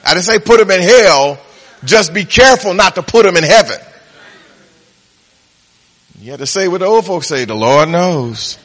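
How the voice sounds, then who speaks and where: Delivering a sermon in a vast, reverberant hall, a man with a high, expressive voice draws out certain words, then hurries on and laughs at his own punchlines. Like a pastor playing to the congregation, he moves between soft and loud.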